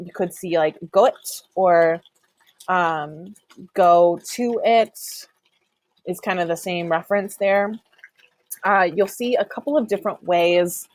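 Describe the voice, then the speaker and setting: Young woman teacher, relaxed explainer, lowish voice, dry close sound. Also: no room sound. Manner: casual, explanatory, frequent "um" fillers. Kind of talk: recorded online lesson.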